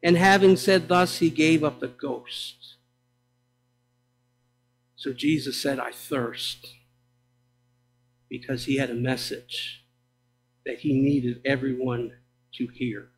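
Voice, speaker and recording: A pastor preaching a sermon in a church, with dramatic pauses and emphatic declarations that swing between loud proclaiming and hushed, low delivery. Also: male voice, steady tone, a little hiss or hum, poor audio. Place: church sanctuary.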